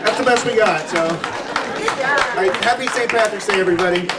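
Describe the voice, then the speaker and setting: Chatty politician, high voice, echoey hall, far from the mic. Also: male voice, expressive, moderate pace, over a noisy crowd, heavy background noise. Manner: self-deprecating, chatty. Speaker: state representative. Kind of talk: speech and joke-telling at a community party. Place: senior center hall.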